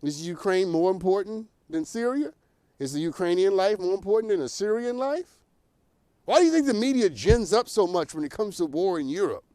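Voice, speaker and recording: A man's voice: sits high, very animated, brisk, mellow, no room sound. A man from New York hosting a talk show, giving opinionated commentary straight to his viewers, often laughing at his own points.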